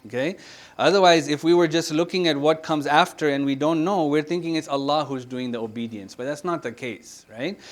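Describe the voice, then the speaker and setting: A man leading a religious grammar class, asking his students questions, repeating their answers and reciting scripture quickly. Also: fairly high pitch. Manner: recites Quranic Arabic quickly. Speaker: religious teacher. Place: mosque centre classroom.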